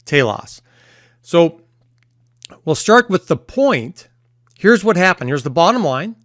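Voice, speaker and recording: A man, a therapist and coach, talking casually to camera and explaining things with pauses and repeats. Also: fairly high pitch, very animated, fairly bright tone, dry recording, studio quality. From United States. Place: at home early morning.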